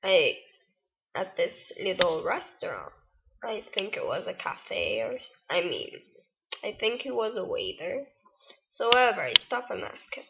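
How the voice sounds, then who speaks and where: Teen girl, 18, casual vlogger, slow and rambling with lively ups and downs, a little husky fry. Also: lowish voice. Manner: chatty, rambling, with many fillers and laughs. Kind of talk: casual storytelling vlog. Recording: lo-fi webcam audio.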